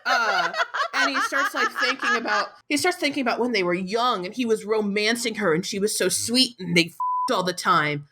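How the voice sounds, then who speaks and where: A woman's voice: mid-range voice, expressive, normal speed, sharp tone, a little hiss or hum. A young woman hosting a podcast, ranting sarcastically and swearing freely about a book. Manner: exasperated, sarcastic, swears a lot. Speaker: podcast host. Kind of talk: casual profane book rant.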